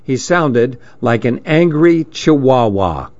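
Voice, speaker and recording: A man reads a story aloud in the first person with a deadpan, even telling. His pace is slow and unhurried at a mid pitch. The audio is dull and lo-fi. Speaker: narrator. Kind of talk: scripted storybook narration.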